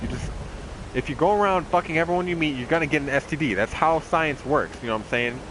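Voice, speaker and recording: A man's voice: fairly high pitch, fast talker, background noise. A man streaming a game, chatting in a rambling, profane way with lots of fillers. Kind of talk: casual chat while streaming a game.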